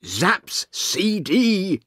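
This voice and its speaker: A man doing a high, pleading, anxious manager. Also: sing-song, drawn-out words, sharp tone, no echo, clean studio sound, exaggerated voice. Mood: urgent. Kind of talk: storybook reading for English learners.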